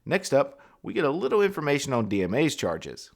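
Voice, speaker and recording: A man's voice: mid-range voice, wildly swooping pitch, brisk, vocal fry. A man hosting a video commentary channel, narrating a script with wry, sarcastic remarks.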